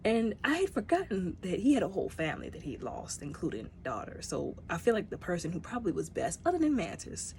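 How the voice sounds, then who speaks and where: A woman casually reviewing a movie, retelling scenes with lively, acted-out character lines. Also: lowish voice, quick pace, few pauses, a little hiss or hum.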